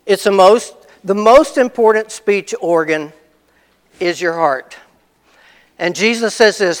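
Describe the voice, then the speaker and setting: A man's voice: high-pitched, slow pace, pauses often. A man preaching a conversational sermon as a pastor, telling personal stories and repeating phrases for emphasis. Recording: long reverb of a large hall.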